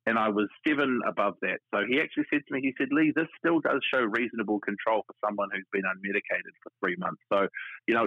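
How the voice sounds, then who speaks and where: A man's voice: mid-range voice, breathy edge, no echo. A man, telling his own story frankly and chattily as an interview guest. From New Zealand. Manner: frank, chatty, many restarts. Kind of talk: casual personal storytelling. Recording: tinny phone line, dry.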